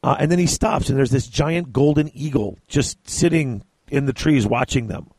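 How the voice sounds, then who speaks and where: Man, podcast co-host, excitable book talk with read-aloud bits, dry close sound. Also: mid-range voice, normal speed, creaky, breathy edge, no room sound. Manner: laughs often, enthusiastic, reads excerpts aloud. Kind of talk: casual book discussion with read-aloud passages.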